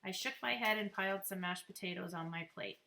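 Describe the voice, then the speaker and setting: Bright, expressive woman narrating a children's chapter book aloud. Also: medium pitch, a little fast. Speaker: reader.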